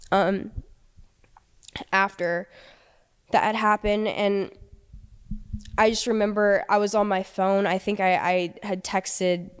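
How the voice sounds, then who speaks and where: A young woman with a lowish voice speaks as an interview guest, recounting events in a halting, emotional way and often restarting her sentences. Her voice is smooth and clear. She stays close to the mic and sounds unhurried. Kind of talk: personal account in an interview.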